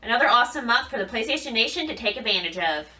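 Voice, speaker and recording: A woman's voice: on the high side, animated, racing, pushed and bright. A woman co-hosting a podcast, reading gaming news in an upbeat announcer-like way. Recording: distant mic.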